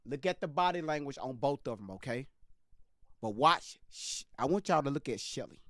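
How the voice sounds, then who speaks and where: A man's voice: medium pitch, lively intonation, moderate pace, fairly bright tone, dry recording, clean studio sound. A man hosting a live stream, commenting on a clip with emphatic, repetitive direct address to his viewers.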